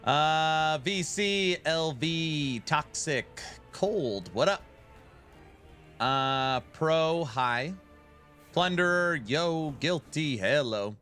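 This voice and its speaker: A man's voice: on the high side, expressive, extremely slow, fairly bright tone, soft background music. A man hosting his own game live stream in a loose, joking way, greeting viewers in chat by name. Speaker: streamer host.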